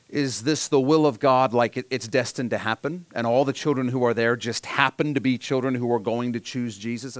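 Male preacher, earnest sermon delivery, soft emphatic drops, dry close recording. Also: mid-range voice, dry recording. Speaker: pastor.

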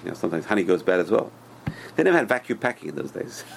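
A man teaching a Torah class, telling stories in an animated way and swinging between loud and hushed delivery. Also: low-pitched, very fast, vocal fry, a little hiss or hum. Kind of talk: storytelling sermon.

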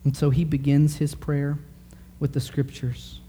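A man in his thirties delivers a sermon, his voice mellow and warm. He talks in a conversational, animated way and keeps asking his listeners rhetorical questions. His pitch sits a little high for a man. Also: a little slow. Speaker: pastor.

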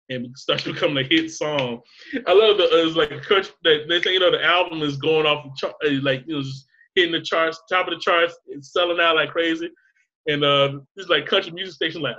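A man's voice: fairly high pitch, quick pace, pushed and bright, highs cut off. A man rambling through a casual chat, laughing often and swearing freely.

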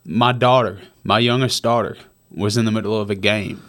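A man's voice: fairly low pitch, fairly even intonation, normal speed, a bit bright. A man, maybe in his thirties, telling a personal story in casual conversation. He swears and repeats himself for emphasis. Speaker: guest.

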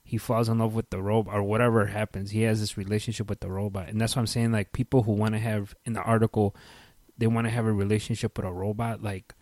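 A man's voice: lowish voice, fairly even intonation, fast talker, gravelly, darkish tone, no room sound. A man in casual podcast chat, joking and swearing loosely with many fillers.

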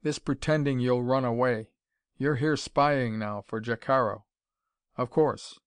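A man's voice: medium pitch, measured pace, smooth, no room sound, lightly acted. A man voicing a bold young male inventor who speaks with a dry, wry edge.

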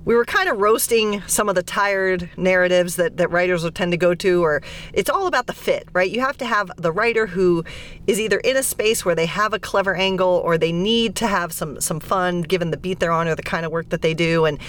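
Woman cohost running a hockey podcast, jokey and laughing a lot, slight low rumble behind her. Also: a little fast, a bit bright. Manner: playful, laughs often, leads segments. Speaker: podcast co-host. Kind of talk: casual hockey podcast chat.

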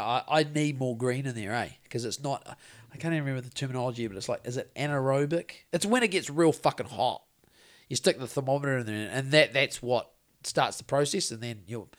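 A man with a New Zealand accent, co-hosting a podcast and telling rambling, sweary stories in casual chat. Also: mid-range voice. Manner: sweary, rambling, animated storytelling. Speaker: podcast co-host.

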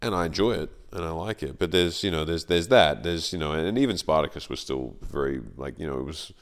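Low, gravelly Australian man rambling. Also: fairly quick. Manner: rambling, self-deprecating, acts out quoted voices. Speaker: actor guest. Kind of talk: casual podcast chat.

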